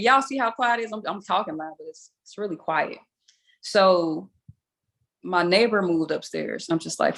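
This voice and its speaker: A woman's voice: fairly low pitch, creaky. Chatty laughing woman hosting a call. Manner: chatty, laughing, self-mocking. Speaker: host of a weekly call. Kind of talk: casual storytelling to a call audience. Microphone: video call.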